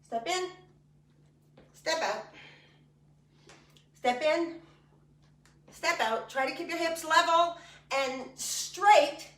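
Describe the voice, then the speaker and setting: A high-voiced woman leads an exercise class, chatty and joking as she calls out each move. Her voice is bright and carries. It is picked up from a distance in an echoey room. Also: extremely slow, pauses often. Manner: chatty and joking between cues. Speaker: fitness instructor. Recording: echoey room, mic far off.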